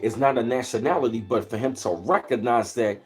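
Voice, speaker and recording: A man's voice: medium pitch, brisk, a little mellow. A man talks loosely and at length on his own livestream, drifting through easygoing stories in a mid-range voice. Now and then he stops to greet viewers by name. Faint music plays behind him. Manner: rambling, laid-back storytelling, greets viewers in between. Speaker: livestream host. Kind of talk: casual livestream chat. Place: at home, where he lives in Maryland.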